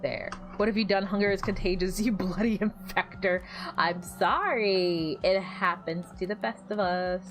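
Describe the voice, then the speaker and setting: A woman's voice: medium pitch, unhurried. A woman streaming a game with wry, joking commentary. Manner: wry, joking, sings silly bits. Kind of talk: casual gameplay commentary.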